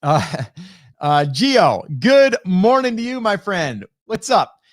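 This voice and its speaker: A middle-aged man with a slightly high voice hosts a relaxed live stream, talking close to a broadcast studio mic. He rambles cheerfully, greets viewers by name and wanders off into stories. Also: takes it slowly. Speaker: live stream host reading chat. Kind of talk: casual live chat. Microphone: broadcast dynamic studio mic.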